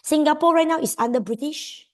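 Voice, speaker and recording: Lively Malaysian woman tutoring. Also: high voice, fairly quick. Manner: lively, emphatic, mixes in local slang particles. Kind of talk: exam revision lesson.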